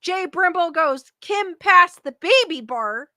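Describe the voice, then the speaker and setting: Bright high-voiced woman host reading chat. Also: expressive, slow pace, no echo. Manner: defensive, laughs often, restarts sentences. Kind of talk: casual livestream chat.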